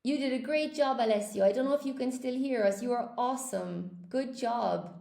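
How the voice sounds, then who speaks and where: A woman's voice: a little high, normal speed, creaky, mellow, echoey room. A woman teaching English on a live stream, chatting with viewers and cheering them on in an upbeat way. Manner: upbeat, encouraging, reads chat aloud.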